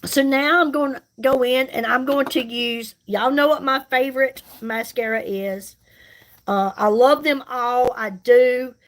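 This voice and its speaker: A woman's voice: high-pitched, unhurried. A woman, chatting casually with viewers while she does her makeup on a livestream, folksy and reassuring. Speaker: makeup livestream host and seller. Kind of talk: casual live chat while doing makeup.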